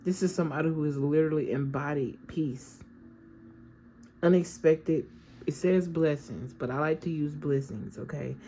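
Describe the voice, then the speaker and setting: Low, mellow-voiced woman doing a tarot reading. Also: normal speed, slight background noise, poor audio. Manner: chatty, affirming, checks in with "okay?". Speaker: tarot reader. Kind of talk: casual spiritual tarot reading.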